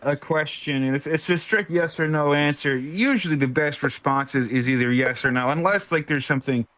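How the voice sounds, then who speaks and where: A man's voice: a little high, a little fast, a bit bright, poor audio. A man in his twenties telling a profane stand-up story, with lots of stammered restarts. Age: 20s. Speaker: stand-up comedian. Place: online virtual comedy show.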